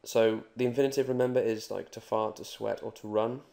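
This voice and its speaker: A man teaching Spanish grammar in a video lesson, joking and reassuring as he repeats examples slowly. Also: on the low side, steady tone, vocal fry, dark tone.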